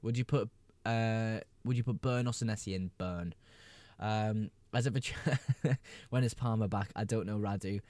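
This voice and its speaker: A man hosting a casual fantasy football live stream, reading viewer questions aloud, answering them quickly and laughing often. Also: fairly low pitch, fairly even intonation, a little mellow, dry recording.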